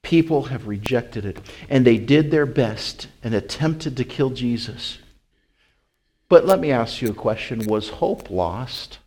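A man preaching a sermon as pastor, asking his listeners question after question and swinging from loud, high calls to slow, hushed lines. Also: expressive. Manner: asks the congregation rhetorical questions.

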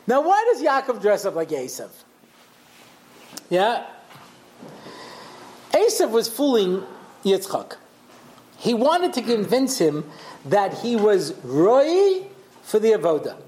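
Speaking slowly with long pauses, the rabbi uses a high, wildly swooping, slightly mellow voice, captured on a low-quality recording. He tells stories in a conversational Torah lecture, acting out the voices and often asking "yeah?".

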